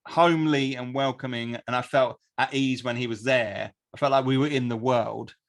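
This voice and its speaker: A man co-hosting a casual review chat, agreeable and measured as he gives his views. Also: medium pitch, fairly even intonation. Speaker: podcast co-host.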